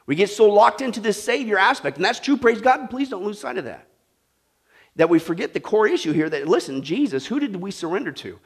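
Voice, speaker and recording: A man preaching a sermon to a congregation, animated and asking them questions. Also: sits high, a little fast, husky. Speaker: pastor. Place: church with a live congregation.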